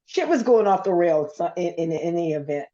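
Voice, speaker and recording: A woman's voice: on the low side, a little fast, lo-fi sound. A woman hosting a podcast, telling stories in casual chat, acting out what people said and swearing freely. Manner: animated storytelling, acts out quotes, swears freely. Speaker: podcast host. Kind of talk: casual conversation, storytelling.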